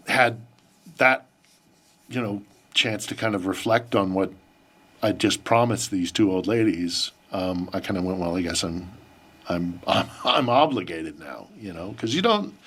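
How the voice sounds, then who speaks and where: Guy with a lowish voice telling a heartfelt story, reflective, gets emotional. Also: animated, moderate pace, fairly bright tone. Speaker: podcast host being interviewed. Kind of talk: personal storytelling in conversation.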